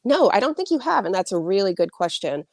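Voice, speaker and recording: A woman's voice: mid-range voice, very animated, fast talker, dry recording, studio quality. A woman author answering interview questions in a chatty way, full of likes and restarts, over a video call. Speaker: author guest.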